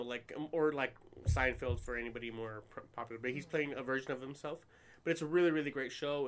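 A man from New Jersey talks in quick bursts, chatting casually and tossing in swear words with plenty of enthusiasm. His pitch sits in a middle range and his pace runs fast. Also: fairly bright tone. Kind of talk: casual chat.

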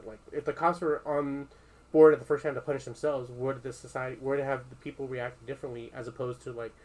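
Man, casual chat, middling pitch, rambling, restarts, fillers, occasional swearing. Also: level tone, fairly quick, a little mellow, poor audio. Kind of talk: casual discussion.

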